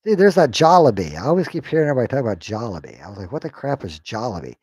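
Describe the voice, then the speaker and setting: A man reading a text aloud on a stream, sounding out unfamiliar words haltingly and joking to himself. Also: medium pitch, very animated, a little mellow, breathy edge, no room sound. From United States. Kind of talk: casual reading aloud on a livestream.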